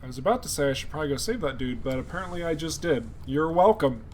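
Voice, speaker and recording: A man's voice: a little high, animated, quick pace, slight background noise. Chatty young man streaming gameplay. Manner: chatty, talks to chat viewers by name. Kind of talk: casual live gameplay commentary.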